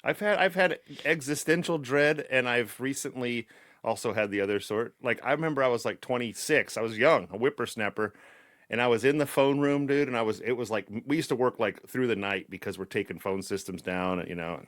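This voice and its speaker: A middle-aged man co-hosting a podcast in casual chat, animated, swearing and laughing often. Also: mid-range voice, brisk, no echo, studio quality. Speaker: podcast co-host.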